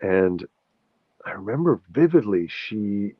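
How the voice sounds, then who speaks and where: A man's voice: on the low side, very animated, takes it slowly, dry recording, lo-fi sound. A man from New York hosting a live-stream chat, telling rambling anecdotes with many restarts and answering viewer comments. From New York, USA. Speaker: show host.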